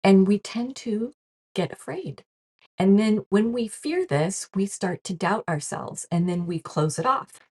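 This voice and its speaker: A woman's voice: medium pitch, lively intonation, a little slow, darkish tone, breathy edge. A woman giving a casual spiritual talk to camera, earnest and chatty, often laughing and acting out quoted reactions. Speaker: spiritual teacher.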